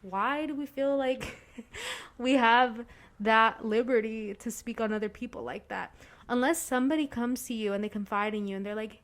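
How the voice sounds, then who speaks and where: A woman's voice: a little high, normal speed. A young woman co-hosting a podcast, speaking earnestly and giving the listener direct advice in casual chat. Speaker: podcast co-host.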